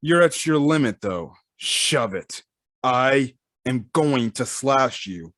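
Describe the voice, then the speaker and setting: A man's voice: mid-range voice, lively intonation, takes it slowly, fairly bright tone, no room sound, studio quality. Brief: man voicing arrogant male manga villain, mocking and condescending. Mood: menacing.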